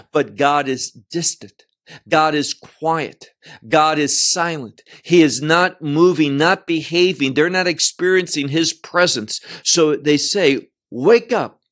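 A man teaching through a psalm verse by verse, speaking slowly and deliberately, often repeating a word as he restarts, and lifting his voice when he reads the pleas aloud. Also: a little high, fairly bright tone. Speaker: Bible teacher.

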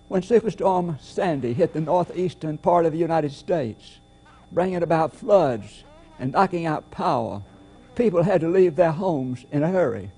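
Mellow-voiced male preacher. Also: fairly high pitch, slightly rough. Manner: deliberate, emphatic preaching with repetitions. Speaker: pastor. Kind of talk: sermon.

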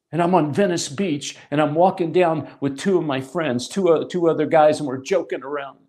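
A man's voice: a little high, moderate pace, hardly any pauses, darkish tone. A middle-aged man preaching a sermon, telling a personal testimony with emphatic repetition. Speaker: pastor.

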